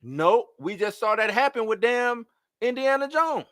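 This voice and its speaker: Live-stream host, man, bright high voice, exasperated rhetorical rant, dry close sound. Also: a little slow, no room sound. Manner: animated, rhetorical questions, exasperated. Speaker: host of a live movie-news show. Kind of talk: casual live-stream commentary.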